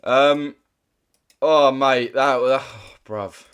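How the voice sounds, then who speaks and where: A man's voice: medium pitch, steady tone, fairly bright tone, clear, resonant tone. Slangy man streaming live. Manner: blunt, slangy, heavy swearing; talks fast in bursts, with restless restarts. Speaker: trading livestreamer. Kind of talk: casual livestream chat to viewers.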